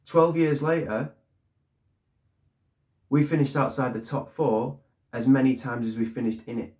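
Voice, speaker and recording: A man's voice: medium pitch, fairly even intonation, measured pace, long pauses, a little mellow. A man giving blunt, ranting fan commentary on his club, swearing and repeating points for emphasis. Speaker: fan channel host.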